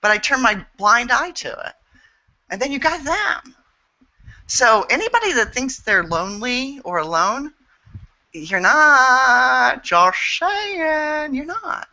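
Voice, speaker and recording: A woman's voice: high voice, lively intonation, takes it slowly, bright, forceful tone, highs cut off. A woman speaking as an interview guest and intuitive healer, frank and earnest, swearing freely as she talks. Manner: earnest and emphatic. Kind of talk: candid interview talk.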